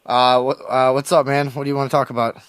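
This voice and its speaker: A man's voice: mid-range voice, little pitch movement, quick pace, fairly bright tone, smooth, no room sound. Brief: man, radio host, profane and rambling, very dry close studio sound. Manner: crude, loose, swearing, mock-aggressive with callers. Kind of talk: profane call-in radio talk.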